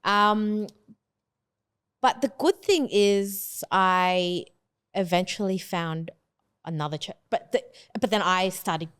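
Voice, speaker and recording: A woman's voice: medium pitch, slow, fairly bright tone, smooth. A woman in her twenties from Hong Kong, a podcast guest telling her story in a casual, hesitant way with lots of fillers and restarts.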